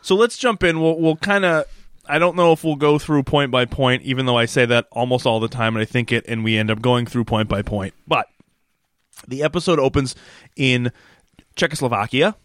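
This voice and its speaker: A man at middle pitch co-hosting a casual podcast, talking loosely and laughing between points. He often restarts his sentences as he rambles. The sound is dry and close, with no room echo. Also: normal speed, fairly bright tone. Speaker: podcast co-host. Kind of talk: casual podcast recap chat.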